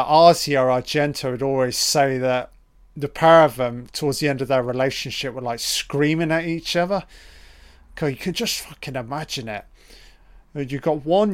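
A man's voice: mid-range voice, clean tone. A man giving a casual commentary over a film, reacting with profane running remarks.

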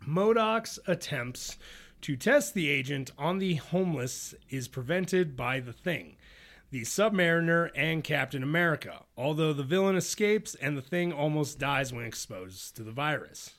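A man's voice: a little high, measured pace. A man co-hosting a casual comic-book podcast, retelling stories with jokes, laughs and mocking asides. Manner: animated, jokey, laughs often, mocks characters in put-on voices. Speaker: podcast co-host. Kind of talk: casual chat recapping comics.

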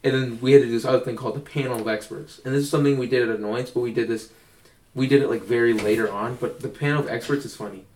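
A man's voice: medium pitch, steady tone, racing, a little mellow. A young man telling rambling stories in casual chat, co-hosting a podcast. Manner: rambling, acts out quoted voices. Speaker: podcast co-host. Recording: roomy, distant mic.

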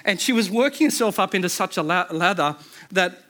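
A man in his thirties preaching a sermon, telling it like a story to his listeners. He speaks in a slightly high voice and often breaks off to restart or add an aside. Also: animated, a little fast, sharp tone. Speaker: pastor.

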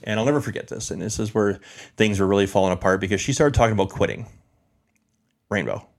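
A man's voice: on the low side, fast. A man telling his life story as an interview guest, rambling with lots of fillers and repeats.

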